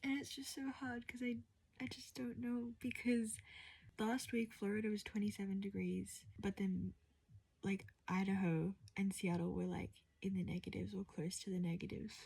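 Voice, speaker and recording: Chatty woman with a mellow voice. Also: mid-range voice, little pitch movement, moderate pace, vocal fry, slightly rough. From Australia. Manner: gushing, chatty, half-whispered late at night. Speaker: vlogger. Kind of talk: casual vlog chat.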